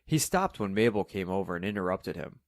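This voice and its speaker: A man reading a story aloud in calm, measured scripted narration. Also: low voice, dry recording, clean studio sound.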